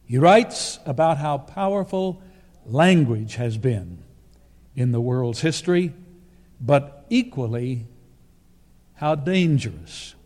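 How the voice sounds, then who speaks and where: A man delivering a sermon in a slow, deliberate way, pausing between short phrases. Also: mid-range voice, animated, darkish tone. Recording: long reverb of a large hall.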